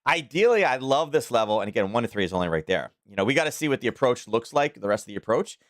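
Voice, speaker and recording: A man's voice: medium pitch, big pitch swings, quick pace, fairly bright tone, dry recording, studio quality. A man from Maryland hosting a live trading stream, talking in a casual, rambling way with many fillers and restarts. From Maryland, USA. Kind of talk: casual live market commentary.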